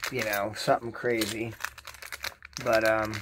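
A man giving a casual, excitable how-to demo in his home basement, rambling and repeating himself as he works. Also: on the low side, measured pace, noisy background. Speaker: home rosin-press vlogger.

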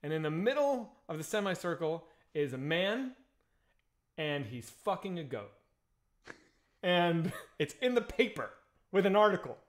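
A man with a slightly higher voice, spinning a rambling story on a casual podcast stream. He talks in an animated, loose way, packed with fillers and profanity. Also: unhurried, long pauses. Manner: animated, lots of fillers and laughs, swears freely. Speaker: podcast co-host.

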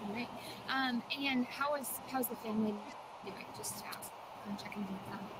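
A woman's voice: a little high, normal speed. A woman reporter asking questions at an outdoor press conference, rephrasing hesitantly as she goes. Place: outdoors at a search site. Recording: outdoor questions with loud background noise.

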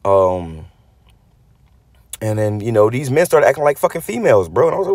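A man's voice: medium pitch, sing-song, fairly quick, a little mellow, dry recording, studio quality. A man preaching bluntly and profanely, reading scripture aloud and then commenting on it, often repeating words as he restarts. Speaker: religious channel host. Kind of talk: preaching rant.

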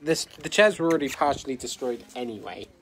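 A woman's voice: extremely low pitch, lively intonation, brisk. A woman, a dance teacher, chatting casually outdoors on a live stream with dry joking asides. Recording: noisy outdoor stream audio.

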